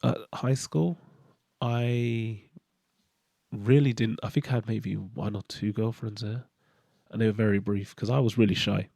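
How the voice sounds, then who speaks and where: Gravelly-voiced man, candid and hesitant. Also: lowish voice, steady tone, measured pace, warm tone, dry recording, studio quality. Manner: candid, hesitant, with frequent fillers and restarts. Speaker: podcast host. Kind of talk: reflective personal monologue.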